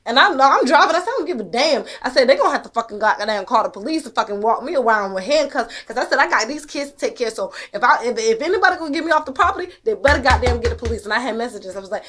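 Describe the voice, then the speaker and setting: A woman with a fairly high, expressive, slightly bright voice talks quickly through a personal story about being a mother. Heated and emphatic, she swears often and keeps driving her point home with "okay?" in this emotional first-person account.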